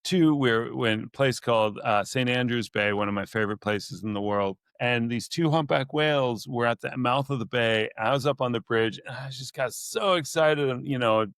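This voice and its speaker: Ask: a lively naturalist man, storytelling. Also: medium pitch, normal speed, hardly any pauses, smooth, dry recording. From California. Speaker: naturalist guest. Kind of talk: casual podcast interview.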